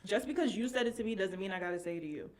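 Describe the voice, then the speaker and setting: A woman's voice: mid-range voice, animated, racing. A woman hosting a casual podcast, talking bluntly and candidly, with frequent swearing. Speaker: podcast host. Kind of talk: casual chat.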